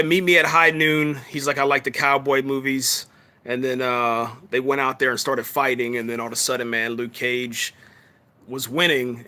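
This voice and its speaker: A man's voice: mid-range voice, bright, forceful tone. A man casually reviewing a TV episode on a live stream, laid-back and loose, often tacking "man" onto his sentences. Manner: laid-back, peppers talk with "man" and fillers.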